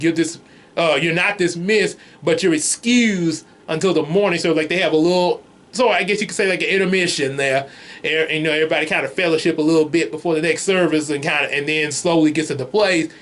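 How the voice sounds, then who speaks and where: A man's voice: a little high, fairly quick. A man giving a casual, rambling movie review, chuckling often and restarting his sentences. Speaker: comics vlogger reviewing a movie.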